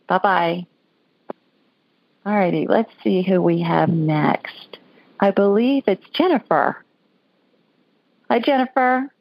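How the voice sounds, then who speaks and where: A chatty woman from Alabama hosts a casual call-in radio show, talking with callers in a folksy, easygoing manner and laughing often. Her medium-pitched voice is slow and a bit gravelly, with long pauses. The audio is dry and slightly dull like lo-fi radio, with no room sound.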